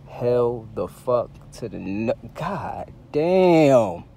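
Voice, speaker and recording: A man's voice: lowish voice, expressive, measured pace, hardly any pauses, mellow. Exasperated, cursing man on a noisy street. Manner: profane, exasperated, dramatic. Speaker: vlogger. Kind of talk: casual vlog. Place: in a car, outdoors traffic.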